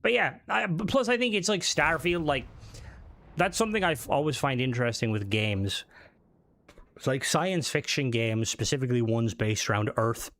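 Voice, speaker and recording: A man's voice: medium pitch, expressive, moderate pace, a bit bright, no room sound. A young man with an Americanized Irish accent, streaming a game live and chatting with viewers in a casual, rambling way with frequent swearing. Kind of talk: live gameplay commentary.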